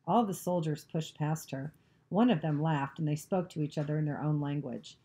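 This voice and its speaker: A woman narrating a novel, reading aloud in a steady, even storytelling manner. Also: deep voice, normal speed.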